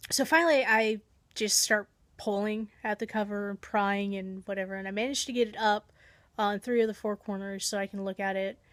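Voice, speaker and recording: A woman's voice: on the high side, dry recording. A woman vlogger casually telling a long everyday story, chatty and self-deprecating, acting out her own thoughts as she goes.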